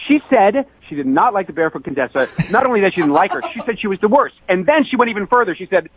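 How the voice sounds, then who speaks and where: Man, indignant caller, rapid talk, dull phone-line sound. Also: high voice, very animated, crowd noise. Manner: indignant, ranting about a perceived insult. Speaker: caller on a radio dating segment. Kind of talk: heated phone call.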